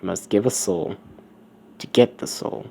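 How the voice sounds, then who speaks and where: A man doing a quiet young male hero. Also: lowish voice, measured pace, creaky, a little hiss or hum. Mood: resolute. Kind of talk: fan story narration.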